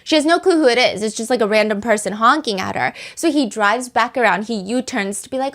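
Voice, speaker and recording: A woman's voice: a little high, fairly quick, few pauses. A woman hosting a podcast, retelling a true-crime case in a chatty, casual storytelling way. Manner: chatty, lively retelling with quoted voices. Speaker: podcast host.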